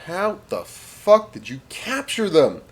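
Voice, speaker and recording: A man voicing an angry army officer who yells in disbelief. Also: high-pitched, huge pitch swings, takes it slowly, voice pushed up, full character voice. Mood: furious disbelief.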